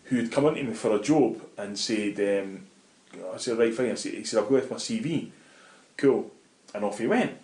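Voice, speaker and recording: A middle-aged Scottish man, a guest in an interview, telling animated anecdotes in casual talk and swearing freely. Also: medium pitch, normal speed. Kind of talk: casual storytelling. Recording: roomy echo.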